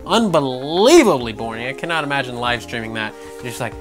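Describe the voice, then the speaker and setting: A man's voice: medium pitch, expressive, brisk. A man hosting a gaming news vlog, ranting with sarcastic, profane exasperation. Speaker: gaming channel host. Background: background music.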